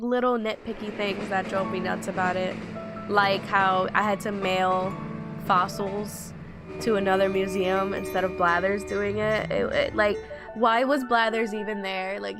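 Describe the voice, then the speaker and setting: A young woman casually commenting on her gameplay, rambling and breaking into panicked outbursts. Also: medium pitch. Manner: rambling, chatty, bursts into panicked exclamations. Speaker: let's play gamer. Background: game music.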